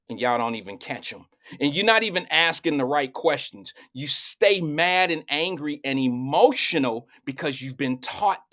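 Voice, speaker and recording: Animated man hosting a live talk show. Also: medium pitch. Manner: animated, preachy, colloquial. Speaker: host.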